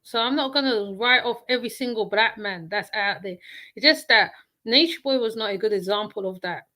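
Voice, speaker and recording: A woman's voice: a little high, brisk, bright, forceful tone. A woman giving casual reaction commentary in a blunt, rambling way, often repeating herself.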